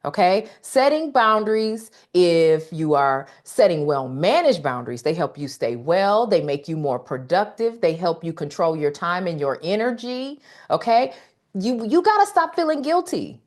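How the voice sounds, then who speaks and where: A woman's voice: on the low side, expressive, a little slow, darkish tone. A woman leading a live online coaching session, speaking straight to her audience with emphatic repetition and frequent "okay?" check-ins. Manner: emphatic, repeats key phrases, checks in with "okay?"; talks directly to the audience. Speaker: workshop speaker.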